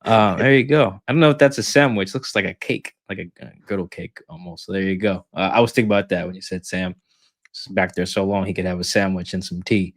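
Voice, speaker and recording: A man's voice: deep voice, fairly quick. A man co-hosting a football show, casual and joking, rambling with fillers. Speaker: co-host. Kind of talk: casual sports chat.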